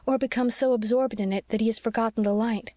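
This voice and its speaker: A woman voicing an anxious young wife who talks quickly and eagerly in an audiobook. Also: a little high, fairly even intonation, dark tone, no echo, studio quality, close to an everyday voice. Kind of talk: audiobook character reading.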